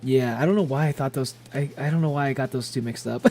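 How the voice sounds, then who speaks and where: A man's voice: mid-range voice, fast, warm tone. A young adult man chatting casually as a game streamer, rambling and laughing often, with faint music behind. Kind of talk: casual gameplay streaming chat.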